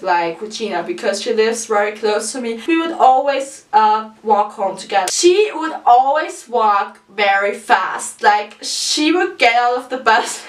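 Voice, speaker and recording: Teen vlogger, chatty and profane, a bit high, mic at a distance. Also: female voice, echoey room. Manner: chatty, profane, lots of "like" fillers, laughs through it. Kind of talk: casual storytime vlog.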